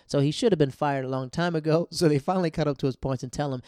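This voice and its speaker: A man telling a casual, animated story in slangy talk, laughing often as he goes. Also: on the high side, fast talker, clean tone, no echo, clean studio sound.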